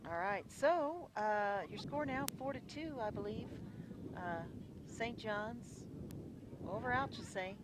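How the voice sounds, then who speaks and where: A live radio play-by-play voice calling a small-town baseball game from a windy outdoor ballpark. The delivery is chatty and folksy, checking details aloud and correcting itself, at a middling pitch. Clear background noise from the open-air field sits under the voice. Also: slow. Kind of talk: live radio sports commentary.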